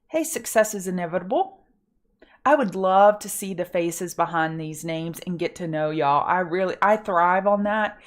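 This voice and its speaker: A woman's voice: on the low side, moderate pace. A woman hosting a live market prep stream, upbeat and chatty, greeting viewers by name. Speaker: trading show host.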